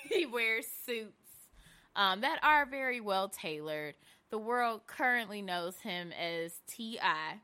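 Animated woman podcast cohost, bright voice, slangy gossip, laughs a lot. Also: medium pitch, slow, smooth. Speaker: podcast co-host. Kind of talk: casual gossip chat.

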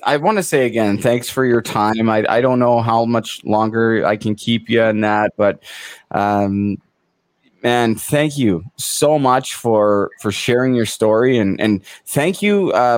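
A man's voice: mid-range voice, no echo. Male podcast host, mid-range voice, dry close mic, rambling chatty delivery. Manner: loose and chatty, many fillers and restarts. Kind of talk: casual interview chat.

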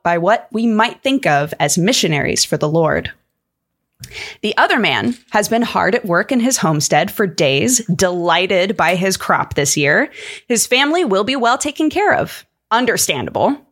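Lively woman telling a story. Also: on the low side. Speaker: podcast guest storyteller. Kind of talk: storytelling narration.

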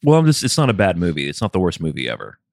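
Deep-voiced easygoing man on a podcast. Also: wildly swooping pitch, racing, darkish tone, no echo, studio quality. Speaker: podcast co-host. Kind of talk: casual chat.

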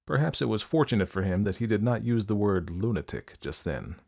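A man narrating a first-person audiobook at a measured pace. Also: fairly low pitch, sing-song, vocal fry, a little mellow.

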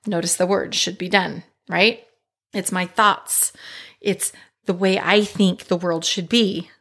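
A woman's voice: fairly low pitch, steady tone, slow pace, fairly bright tone. A middle-aged woman, a mother and life coach, candidly telling a personal story in a reflective, conversational way. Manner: candid, self-reflective, conversational with frequent "right?" and "like".

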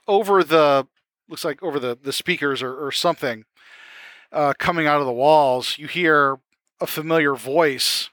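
A man runs a tabletop game, narrating combat in a rambling way with plenty of fillers. His voice is fairly high and bright, and there is faint music underneath. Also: no echo, studio quality. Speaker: game master.

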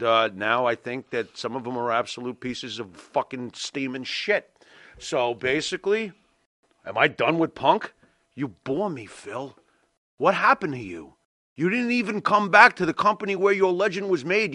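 Casting: blunt, foul-mouthed male co-host with a high, lively, bright voice, dry close sound. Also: no echo. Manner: blunt, ranting, heavy swearing. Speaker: podcast co-host. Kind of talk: profane wrestling talk chat.

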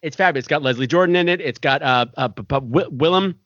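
A man's voice: on the high side, quick pace, a bit bright, no echo, dull audio. A tipsy man co-hosting a casual movie-review chat, chatty and campy. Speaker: podcast co-host.

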